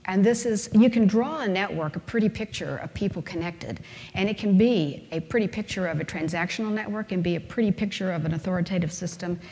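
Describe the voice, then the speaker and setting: A woman's voice: medium pitch, fairly quick, a little mellow. A woman giving a conference lecture, talking emphatically with rhetorical questions and everyday examples. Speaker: conference speaker. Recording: long hall reverb.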